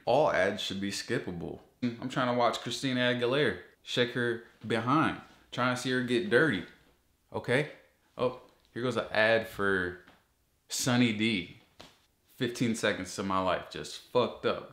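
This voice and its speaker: A man vlogging, ranting about ads with heavy swearing, his voice jumping up high when he gets exasperated. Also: animated, measured pace, fairly bright tone, reverberant. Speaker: YouTuber. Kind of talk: casual ranting vlog.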